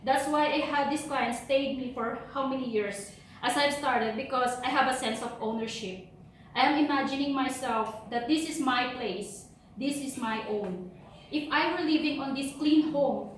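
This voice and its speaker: Woman, high voice, earnest motivational talk, distant mic, faint background noise. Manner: earnest, heartfelt. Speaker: motivational speaker. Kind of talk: personal storytelling speech. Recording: echoey room from far off, faint noise.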